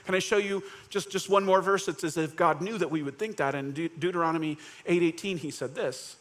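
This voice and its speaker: A male pastor preaching a conversational sermon, joking and checking in with the crowd, jumping between animated bursts and quiet, low emphasis. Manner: casual, joking, keeps checking in with "right?".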